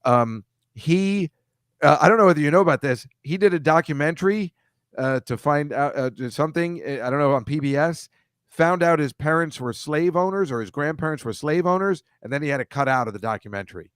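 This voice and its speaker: A man in casual podcast chat, an animated storyteller who mocks voices and makes quick asides. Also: fairly high pitch, smooth, dry recording, clean studio sound.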